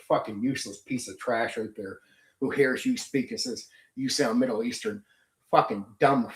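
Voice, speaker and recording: Profane ranting man in an echoey room. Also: mid-range voice. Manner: blunt, heavily profane, venting. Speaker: channel host. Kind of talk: casual ranting livestream chat.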